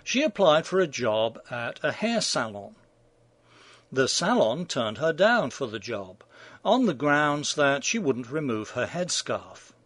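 A man's voice: mid-range voice, sing-song, a little slow, a bit bright, dry recording. A man delivering scripted opinion commentary in a sardonic, mocking manner.

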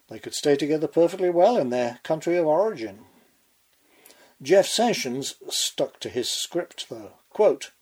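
A man's voice: on the high side, a little mellow, slightly rough. A man delivering a scripted political commentary monologue with sardonic, sarcastic asides.

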